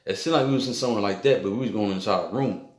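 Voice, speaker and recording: A man's voice: lowish voice, rapid-fire. A man recounting a vivid dream in a rambling, repetitive way, full of loose fillers. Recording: echoey room.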